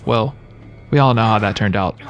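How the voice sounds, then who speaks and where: A man's voice: on the low side, moderate pace, highs cut off, faint music behind. A man giving scripted video-game trivia narration, with wry, joking asides.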